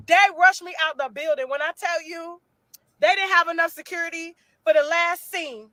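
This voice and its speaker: A woman telling a story in a loud, profane, laughing way, acting out what others said. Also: very high-pitched, fairly even intonation, normal speed, dry recording. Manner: loud, profane, laughing often, acts out quotes. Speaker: reunion show host recounting a fight. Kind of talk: casual storytelling.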